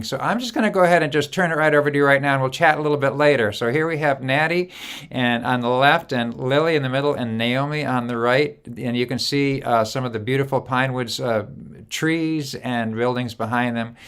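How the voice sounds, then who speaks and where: A man's voice: medium pitch, a little fast, fairly bright tone, clean tone. A man hosting a live online song stream, chatting casually and greeting viewers by name with frequent hesitations over a video call. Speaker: host.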